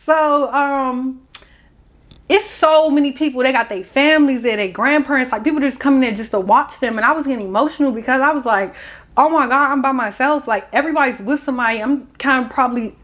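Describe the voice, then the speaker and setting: A woman's voice: high-pitched, fast, a bit bright, lo-fi sound. A young woman, telling a personal story in a casual, candid and emotional vlog. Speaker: vlogger.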